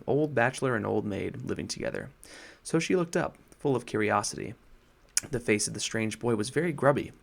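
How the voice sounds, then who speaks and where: A man narrating a storybook chapter in a measured, gently wry way. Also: mid-range voice, vocal fry.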